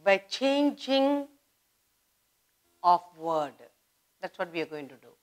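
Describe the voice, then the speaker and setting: Slow, deliberate Indian English woman teacher. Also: mid-range voice, very animated. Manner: slow and deliberate, repeating word pairs with rising emphasis. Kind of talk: slow classroom grammar lesson.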